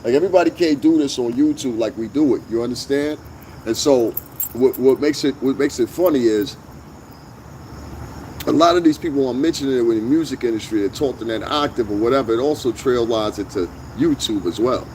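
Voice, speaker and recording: A man's voice: mid-range voice, a little fast, darkish tone, a little hiss or hum. A man hosting a commentary vlog, ranting bluntly with heavy profanity and emphatic jabs. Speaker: vlog host. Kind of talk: opinionated commentary rant.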